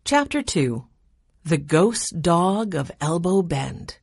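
A woman reads a children's chapter book aloud in an even, storytelling way. Her voice sits low. The recording is close and dry. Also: slow, husky, no room sound. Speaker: audiobook narrator. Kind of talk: children's audiobook narration.

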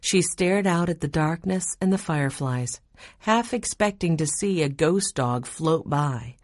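A woman narrating a children's storybook aloud in an expressive reading style. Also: low voice, measured pace, dry recording, studio quality.

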